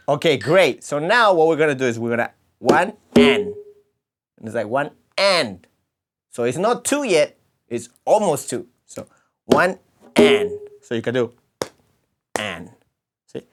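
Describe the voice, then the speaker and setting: A man's voice: a little high, big pitch swings, unhurried, long pauses. A man teaching a music lesson to children, patiently explaining and counting beats aloud.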